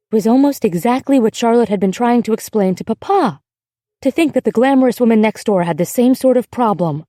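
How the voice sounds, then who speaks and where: A woman reading an audiobook in a measured, gentle way. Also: on the high side, lively intonation, dry recording, clean studio sound. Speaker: audiobook narrator. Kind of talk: scripted audiobook narration.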